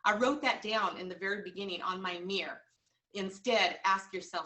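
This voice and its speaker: Woman, sales team coach, bright tense voice, earnest, a bit off-mic. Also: medium pitch, normal speed, recorded from a distance. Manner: earnest, repetitive, many fillers. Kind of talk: motivational training talk.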